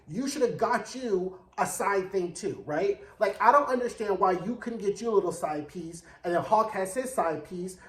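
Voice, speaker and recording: A man giving a sassy, chatty recap of a TV episode, acting out the characters' lines in quick bursts. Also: high-pitched, roomy sound. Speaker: TV show reviewer. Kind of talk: casual recap commentary.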